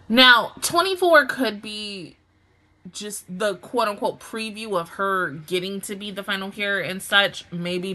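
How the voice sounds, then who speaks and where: A woman hosting an anime reaction and review video, chatting in a rambling, animated way, correcting herself and swearing casually. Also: medium pitch.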